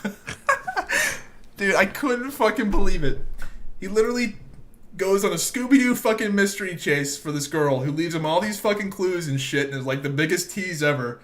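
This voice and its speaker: A man's voice: sits high, big pitch swings, normal speed, fairly bright tone. A young man hosting a podcast, telling a story in casual chat with frequent laughter and swearing. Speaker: podcast host.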